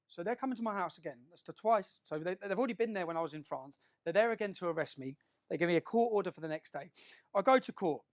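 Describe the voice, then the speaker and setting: A man speaking to an audience in a forceful, emphatic way. His voice sits fairly high for a man, and he keeps tagging his points with quick questions to the crowd. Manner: emphatic, with frequent tag questions. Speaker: public speaker. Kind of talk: speech to an audience.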